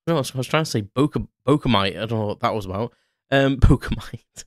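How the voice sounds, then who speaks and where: A man's voice: medium pitch, fast talker, dry recording, studio quality. A man hosting a podcast, rambling in a casual solo monologue with lots of fillers and self-mocking asides. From Ireland. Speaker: podcast host.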